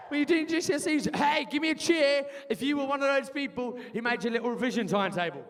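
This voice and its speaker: A man in his twenties doing a lively stand-up comedy set with crowd work, shouting his punchlines in a university bar. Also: extremely high pitch, fast, few pauses, slight background noise. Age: 20s. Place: university bar venue, live audience. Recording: long reverb of a live venue.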